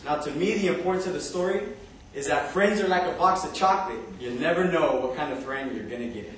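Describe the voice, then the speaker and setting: A young man telling a comic story to a live audience, animated and often laughing. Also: on the high side, fast talker, a little hiss or hum. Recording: echoey room, far from mic, audience.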